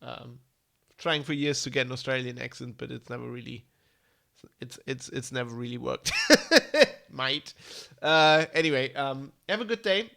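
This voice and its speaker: Man, German accent, gravelly, bright edge, hay-fever congested, rambling blunt tech commentary. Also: mid-range voice, moderate pace, pauses often. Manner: rambling, blunt, with frequent ums and restarts. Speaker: tech news host. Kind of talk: casual live-stream tech commentary.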